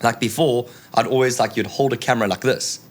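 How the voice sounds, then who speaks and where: A man in his thirties, a podcast guest telling a long, animated story, rambling with lots of "like" and acted-out quotes. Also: medium pitch, fairly quick. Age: 30s.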